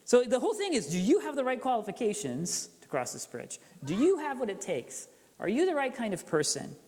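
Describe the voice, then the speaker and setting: A man preaching a sermon as pastor, telling a story in a relaxed, conversational way with rhetorical questions. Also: extremely high pitch, fairly quick. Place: church sanctuary. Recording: echoey church hall reverb.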